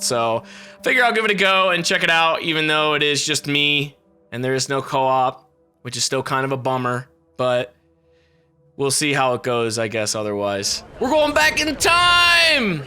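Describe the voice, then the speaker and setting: A man's voice: on the high side, moderate pace, soft background music. A young man giving casual, profane let's-play commentary, talking to himself as he plays. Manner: animated and profane, talking to himself over gameplay. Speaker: gaming video creator.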